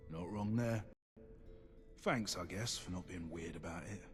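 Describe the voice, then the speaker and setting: A gruff British ghoul merchant. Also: male voice, low-pitched, measured pace, music in the background. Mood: prickly. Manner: gruff, guarded, short clipped replies. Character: curt, prickly ghoul ammo merchant, a grown man. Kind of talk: video game dialogue.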